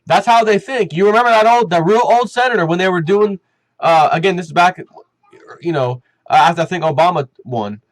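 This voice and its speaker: A man hosting his own commentary channel, giving a heated, animated opinion rant full of fillers and restarts. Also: sits high, a little fast, no echo, low-quality recording.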